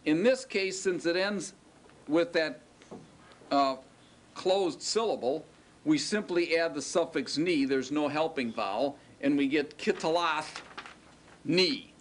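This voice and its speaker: A man's voice: fairly high pitch, takes it slowly, a little hiss or hum. A middle-aged man teaching a classroom lecture, explaining patiently step by step and checking that his students follow. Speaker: Hebrew teacher.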